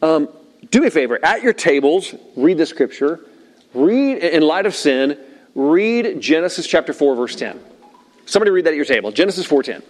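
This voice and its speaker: A man preaching a sermon with lively, swooping pitch, often acting out little voices and scenes. His fairly high voice carries a long reverb, as if in a large church hall. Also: moderate pace. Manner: animated, acting out voices and asides. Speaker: pastor.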